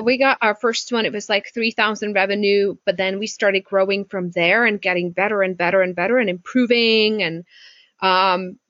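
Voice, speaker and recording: A woman business coach telling a story on a video call, lively, with many rhetorical questions. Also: mid-range voice, no room sound. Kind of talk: casual talk on a video call. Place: home porch. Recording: dull, muffled video-call audio.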